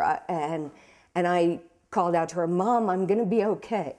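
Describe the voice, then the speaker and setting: A young woman recounting a personal ordeal, halting and repeating words, emotional but steady, with rueful laughs. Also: on the low side. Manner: halting, repeats words while searching for them. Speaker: interviewee. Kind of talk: personal storytelling.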